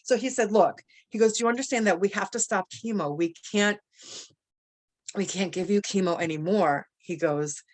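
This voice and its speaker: A young adult woman telling her own story in a lively, rambling way, full of fillers, often acting out what people said. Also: mid-range voice, moderate pace. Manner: animated, many fillers, quotes people in dialogue. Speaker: cancer survivor guest. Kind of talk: personal storytelling.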